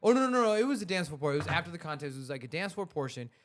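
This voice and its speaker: A young man hosting a podcast, telling animated stories in casual slang. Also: a little high, rapid-fire. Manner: animated storyteller, slangy, drops "dude" and "bro". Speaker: podcast host. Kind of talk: casual chat.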